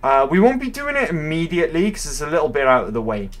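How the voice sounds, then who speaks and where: A man's voice: a little high, huge pitch swings, fast, fairly bright tone. A man commentating his game live, musing aloud in a rambling, curious way. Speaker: game streamer. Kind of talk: livestream gameplay commentary.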